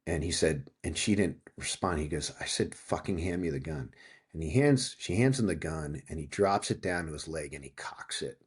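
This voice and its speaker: A man's voice: rumbling low, moderate pace, few pauses, husky. A man in his fifties from Pennsylvania, a guest author telling a story in a casual interview, acting out what people said and swearing freely. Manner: animated storyteller, acting out quotes, frequent profanity.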